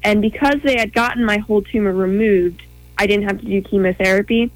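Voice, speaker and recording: A woman's voice: medium pitch, no echo, poor audio. A young woman telling her own story as an interview guest, earnest, with many ums and quoted thoughts.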